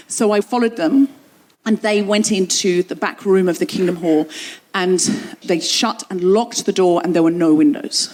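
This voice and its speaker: Woman host telling a funny story live, acts out the dialogue, mid pitch. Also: a little fast. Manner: lively, quoting dialogue with her own voice. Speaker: comedy podcast host. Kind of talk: comedic personal storytelling on stage.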